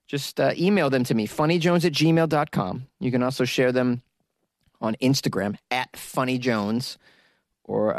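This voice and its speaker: A man's voice: mid-range voice, dry recording, studio quality. A middle-aged man, a comedian hosting his own podcast, talking casually and rambling with self-interruptions. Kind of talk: casual solo podcast talk.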